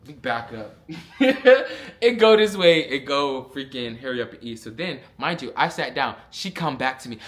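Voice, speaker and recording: A young man vlogging a casual storytime, animated and full of slang and profanity. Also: medium pitch, a little slow, a little hiss or hum.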